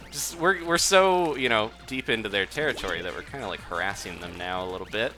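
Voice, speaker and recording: A man's voice: fairly low pitch, expressive, fairly quick, bright, forceful tone. A young man giving chatty live commentary while streaming a game, reading out chat and laughing often. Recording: music playing behind the voice.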